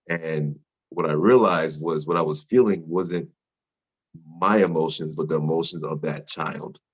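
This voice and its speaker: Deep husky-voiced man, earnest storytelling. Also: highs cut off. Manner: earnest, reflective, confessional. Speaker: storyteller at a men's sharing circle. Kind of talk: personal spoken storytelling.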